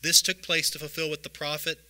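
A man preaching a sermon, reading scripture aloud and retelling the stories in a lively way. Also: a little high, a little fast, poor audio. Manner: lively storytelling, reads scripture aloud with voiced asides. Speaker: pastor.

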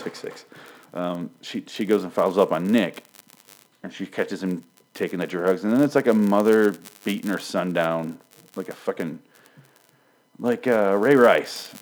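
A man's voice: deep voice, darkish tone, poor audio. A man giving a rambling, sarcastic recap of a TV episode, swearing a lot and acting out the characters' lines. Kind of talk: casual profane recap.

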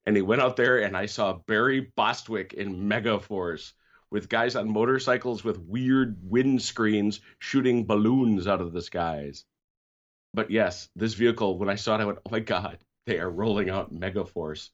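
A middle-aged man, a podcast guest, telling stories in loud, playful, nostalgic chat over a call. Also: on the low side, normal speed. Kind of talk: casual chat. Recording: dull lo-fi Skype call audio.

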